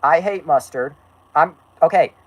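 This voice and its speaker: A reader putting on the voice of a whiny, nerdy cartoon boy, pitched high. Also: a little slow, natural voice.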